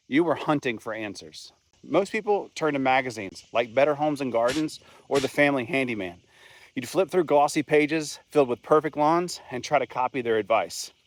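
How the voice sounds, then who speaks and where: A man's voice: medium pitch, normal speed, no echo. A man narrating a scripted video essay in a plain, conversational way, with an occasional aside. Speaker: channel host.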